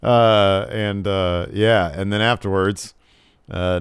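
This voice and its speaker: A man co-hosting a podcast, casually recapping a wrestling show and breaking into loud, exaggerated impressions when he quotes the wrestlers. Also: fairly low pitch, fairly even intonation, slow, clear, resonant tone, no echo, clean studio sound. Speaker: podcast co-host.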